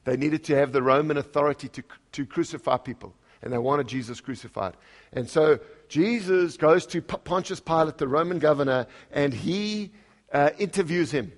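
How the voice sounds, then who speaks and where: At a moderate pace and fairly high pitch, a pastor preaches in a conversational manner. He asks the congregation questions and reads scripture with lively emphasis.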